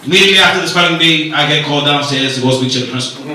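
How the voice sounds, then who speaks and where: A man's voice: fairly high pitch, lively intonation, racing, noisy background. A man in his forties from New York, doing loose, profane stand-up with asides to the crowd in a comedy club. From New York City, Dominican family. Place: comedy club stage, indoors. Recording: echoey club, mic from a distance.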